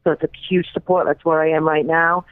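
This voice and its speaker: A woman's voice: low-pitched, flat delivery, fast, no room sound. A woman who is an election candidate, calling in to a radio show and speaking earnestly about her plans. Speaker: phone-in guest, election candidate. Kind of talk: casual phone call. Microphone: telephone. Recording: tinny phone line.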